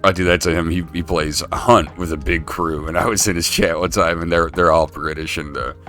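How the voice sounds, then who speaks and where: A man hosting a casual morning stream chat, animated, swearing and laughing often. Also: sits low, brisk, faint music behind. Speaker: morning show host.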